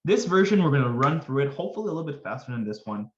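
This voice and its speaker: A man's voice: medium pitch, big pitch swings, racing, echoey room, highs cut off, slight background noise. A man tutoring finance in a casual, upbeat way, chatting to viewers with jokey asides. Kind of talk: casual screen-recorded lesson.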